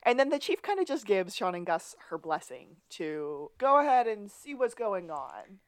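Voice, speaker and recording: A woman's voice: mid-range voice, sing-song, moderate pace, no room sound. A woman co-hosting a TV recap podcast, retelling scenes in a chatty way and laughing often. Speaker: podcast co-host. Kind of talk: casual recap chat.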